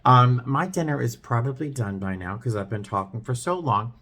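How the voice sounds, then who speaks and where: A middle-aged man talking to his viewers in a vlog, earnest and hesitant, with many pauses and restarts. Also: mid-range voice, fairly bright tone. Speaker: vlogger. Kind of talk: talking to camera, heartfelt chat.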